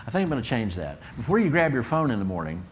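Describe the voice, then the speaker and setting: A man's voice: medium pitch, very animated, fast talker, a little hiss or hum. A man preaching a sermon as pastor in a church, earnest, often restarting and rising for emphasis. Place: church sanctuary.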